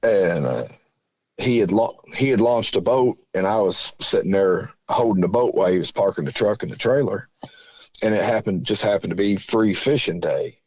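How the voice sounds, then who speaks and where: A man's voice: fairly low pitch, normal speed, darkish tone, husky, no room sound, lo-fi sound. A man from southern Indiana calling in, telling a story in a rambling, folksy way with lots of fillers. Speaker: caller. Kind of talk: casual storytelling.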